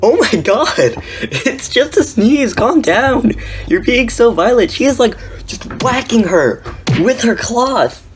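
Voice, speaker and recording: A woman's voice: a little high, sing-song, slow, faint music behind. A young woman giving sarcastic, incredulous reaction commentary on prank videos, laughing often. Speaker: commentary YouTuber.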